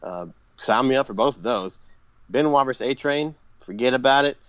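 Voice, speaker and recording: A man with a middle-pitched voice talks through a recap with eager, rambling energy and plenty of fillers. The sound is dry and a little dull, with no room to it. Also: animated, normal speed, a bit bright, dry recording. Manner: enthusiastic recapping with frequent fillers and laughs. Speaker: podcast co-host. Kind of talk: casual podcast chat.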